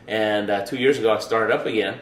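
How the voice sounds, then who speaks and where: An Olympic luge athlete in his thirties tells a personal story loosely and conversationally, repeating words and using fillers. His voice is fairly low and steady, and he talks fairly quickly. A roomy, distant mic picks up faint ambience and slight background noise.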